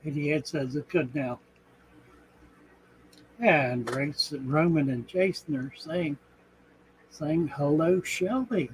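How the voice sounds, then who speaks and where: A man's voice: fairly high pitch, slow pace, long pauses, slight background noise, low-quality recording. A man hosting a casual aquarium live stream, rambling and thinking aloud, with a chuckle now and then. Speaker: aquarium channel host.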